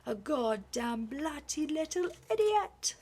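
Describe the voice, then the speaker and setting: A woman voicing a stern, blustering duke fixated on his bloodline, in a breathy, gravelly whispered role-play. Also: mid-range voice, takes it slowly, heavily acted. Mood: cruel. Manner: blustering, shouting in bursts. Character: stern, furious old duke obsessed with bloodline.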